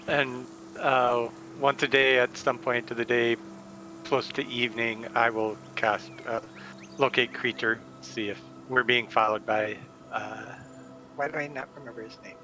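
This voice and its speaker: A man at a tabletop game with a bright, forceful voice. He thinks aloud in halting phrases with plenty of fillers. Faint noise sits behind him. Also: mid-range voice, fairly even intonation, poor audio. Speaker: player. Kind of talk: casual play at a tabletop game.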